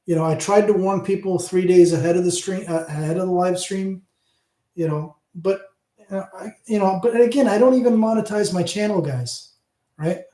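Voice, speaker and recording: A man's voice: high-pitched, normal speed, mellow, echoey room. Tipsy Canadian man in his fifties rambling. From Hamilton, Ontario, Canada. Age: 50s. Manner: rambling, profane, chatty. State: tipsy from drinking. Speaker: livestream host. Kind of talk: casual livestream chat with viewers.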